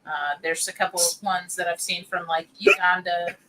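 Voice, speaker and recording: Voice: mid-range voice, flat delivery, normal speed, background noise. A coffee roaster guest on a podcast, talking easily with lots of "you know" and "um". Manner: easygoing, filler-heavy. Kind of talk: casual chat.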